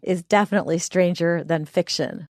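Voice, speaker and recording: A woman's voice: lowish voice, moderate pace, a little mellow, no echo, studio quality. A woman hosting a podcast who reacts with enthusiasm and introduces the next story. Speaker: podcast host. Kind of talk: podcast conversation.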